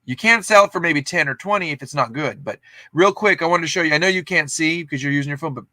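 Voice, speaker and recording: Casual rambly livestream guy, bright voice, dead dry mic. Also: a little high, fast talker, no room sound. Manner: rambling, chatty, self-interrupting. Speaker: livestream host.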